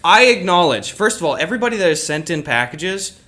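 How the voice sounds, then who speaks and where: A young man co-hosting a casual podcast chat, with a voice that sits a little high for a man. He tells stories with animation and acts out the people in them. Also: fairly quick. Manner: animated storyteller, acts out other people in his anecdotes. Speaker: podcast co-host.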